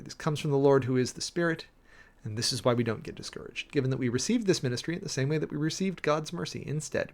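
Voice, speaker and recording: Man, preacher, gravelly voice, rambling, thinks out loud, reads scripture. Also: mid-range voice. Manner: rambling, self-interrupting, thinking aloud. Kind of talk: casual sermon preparation, reading scripture aloud.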